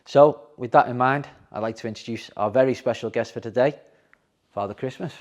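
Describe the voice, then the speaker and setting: A man's voice: mid-range voice, fairly even intonation, fairly quick, echoey room. A man hosting a casual interview, talking in a friendly, rambling way. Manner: friendly, rambling, many restarts. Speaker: host.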